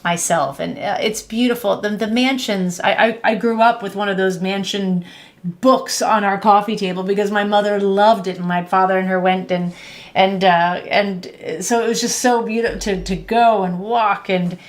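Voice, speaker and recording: A middle-aged woman from New Hampshire hosting a travel chat, animated and quick to laugh, often restarting her sentences. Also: mid-range voice. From New Hampshire, USA. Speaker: travel show host. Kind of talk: casual chat.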